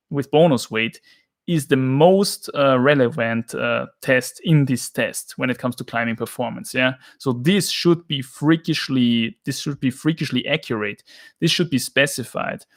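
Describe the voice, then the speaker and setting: A man from Austria with an Austrian accent, chatting casually on a livestream from his flat, emphatic and ranting, often tagging lines with "yeah?". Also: mid-range voice. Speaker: livestream host. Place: home flat.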